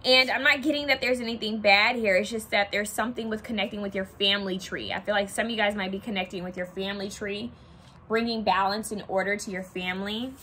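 A woman's voice: medium pitch, fairly even intonation, quick pace, sharp tone, a little hiss or hum. A young woman giving a casual pick-a-card tarot reading, chatting and thinking aloud as she pulls cards.

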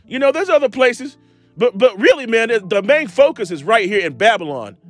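A man preaching an impromptu scripture lesson, reading verses slowly and mixing in street slang and blunt asides. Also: very high voice, big pitch swings, no room sound, soft background music. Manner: preaching, reads scripture slowly and drawls key words; street slang, repeats himself, laughs at his own jabs.

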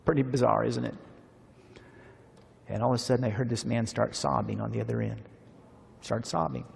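Male preacher, mid-pitched voice, lively storyteller who plays every part, long reverberant hall sound. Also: normal speed, gravelly. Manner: animated storytelling that acts out dialogue. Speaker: seminar preacher. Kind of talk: storytelling sermon.

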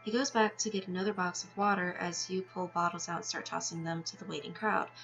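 A woman's voice: fairly low pitch, fairly even intonation, fairly quick, vocal fry, a bit bright. A woman reading a text game aloud with her own asides, now and then tripping over words and laughing at herself. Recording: dull lo-fi sound with music behind.

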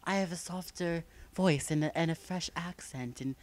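A man's voice: on the high side, moderate pace, darkish tone. A man chatting casually in a fan commentary, teasing and rambling with lots of filler words. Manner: joking, teasing, rambling with many "like"s. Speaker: co-host of fan series commentary.

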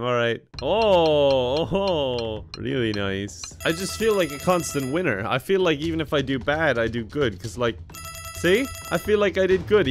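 A young man with an Irish accent doing animated let's play commentary, joking, swearing and laughing as he plays. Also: on the high side. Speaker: gaming YouTuber.

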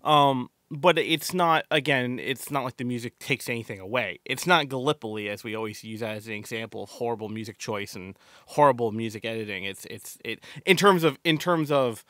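Man, podcast co-host, casual chat, rambling with fillers, mid pitch, dry sound. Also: brisk, few pauses, a bit bright, dry recording. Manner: rambling with many fillers and restarts.

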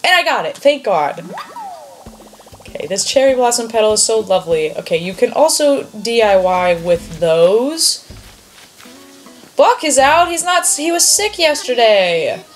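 A woman chatting excitedly and swearing lightly as she comments on a game she is playing. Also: on the high side, a little slow, faint music behind. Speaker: gamer. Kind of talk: casual gameplay commentary.

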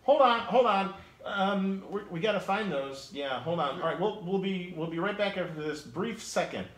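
A man voicing a goofy, excitable male puppet co-host who jokes and whoops. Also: high-pitched, moderate pace. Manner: jokey, excitable, whoops and exclamations. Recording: echoey room, faint noise.

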